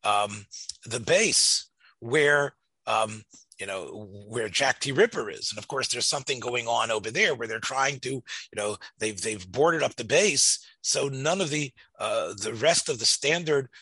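A man's voice: mid-range voice, lively intonation, measured pace, pushed and bright, slightly rough, no echo. A man in a casual film discussion, rambling with many restarts and fillers.

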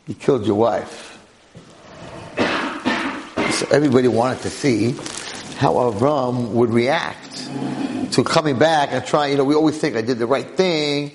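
A man teaching a lively Torah class to a live audience as a rabbi, telling the story with energy and firing off rhetorical questions. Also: medium pitch, measured pace, pauses often, noisy background.

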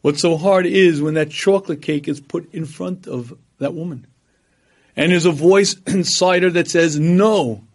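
A man lectures on religion in a voice that sits fairly high for a man. He blends stories with teaching, animatedly acts out and quotes the people involved, and keeps pausing to clear his throat.

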